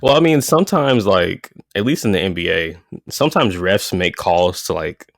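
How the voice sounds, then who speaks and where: Male podcast co-host, deep gravelly voice, dry close recording, easygoing sports banter. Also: lively intonation, normal speed, dry recording. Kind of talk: casual sports chat.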